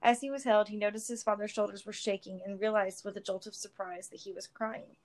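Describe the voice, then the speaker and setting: A woman narrating a story in a steady, expressive reading voice. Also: medium pitch, brisk, poor audio. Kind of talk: audiobook reading of fan fiction.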